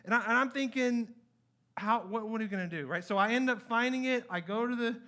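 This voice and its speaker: A man preaching a sermon in a church, telling a story in a lively way and acting out his own past words. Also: very high-pitched, fairly quick. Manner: animated storytelling with acted-out quotes. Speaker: pastor. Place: church sanctuary.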